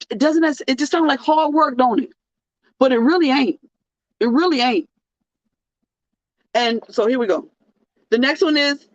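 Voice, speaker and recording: A woman hosts her own talk show in a joking, sermon-like rhythm. Her voice sits a little high. The recording is dry and slightly dull, like a lo-fi home setup. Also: no room sound. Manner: animated, joking, sermon-like cadence. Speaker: host. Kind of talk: casual preachy talk show monologue.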